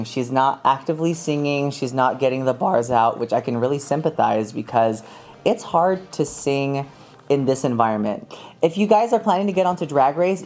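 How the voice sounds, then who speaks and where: A man's voice: a little high, a little mellow. A man hosting a casual, campy reality-show recap chat. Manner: chatty and campy, playful wordplay. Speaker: drag race recap host.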